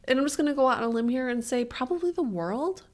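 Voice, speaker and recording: A woman's voice: sits high, animated, quick pace. Woman podcast co-host, sarcastic banter, swears casually, jokes around. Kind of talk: casual chat.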